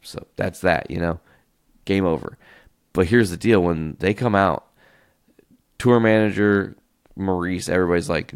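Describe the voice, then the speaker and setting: Deep gravelly podcast host telling stories. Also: male voice, unhurried, long pauses, dry recording, clean studio sound. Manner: animated, tells stories by acting out quoted voices; casual and loose, swears freely. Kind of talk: casual solo storytelling.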